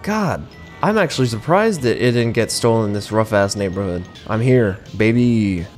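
A man's voice: on the low side, animated, normal speed, soft background music. A young man giving casual, sarcastic gameplay commentary, swearing freely and chuckling to himself.

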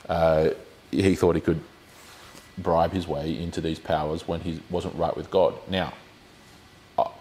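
A deep-voiced man leads a Bible study. He explains each point and puts questions to the group as he goes. His voice sits low. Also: darkish tone, a little hiss or hum.

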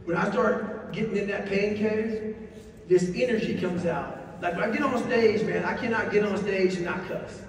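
A man's voice: high-pitched, normal speed, a crowd in the background. Intense, profane man in an echoing hall. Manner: blunt, intense, heavy swearing. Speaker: guest speaker. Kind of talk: profane motivational storytelling. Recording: echoey hall, distant mic, faint noise.

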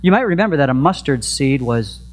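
A man's voice: mid-range voice, animated, fairly quick, slight background noise. A male pastor preaching a sermon in a church, talking to the congregation in a conversational way and asking many rhetorical questions. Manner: repeats a prayer refrain softly. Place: church sanctuary.

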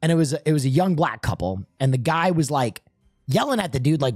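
A male streamer telling a story in casual chat, animated and profane, acting out sounds. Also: a little high, normal speed, no echo, studio quality.

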